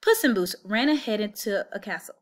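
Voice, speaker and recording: A woman reading a children's picture book aloud, with an expressive story-telling lilt. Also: medium pitch, a little fast. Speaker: storybook reader.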